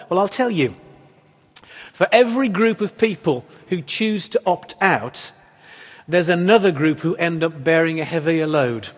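A man's voice: on the high side, animated, normal speed, slightly rough. A man preaching a sermon as pastor, earnest and emphatic, with rhetorical questions. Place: church hall. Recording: long hall reverb.

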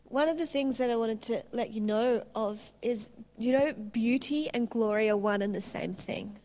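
A woman preaching a sermon, telling stories in an animated way with restarts. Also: a little high, moderate pace. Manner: animated storytelling with laughs and restarts.

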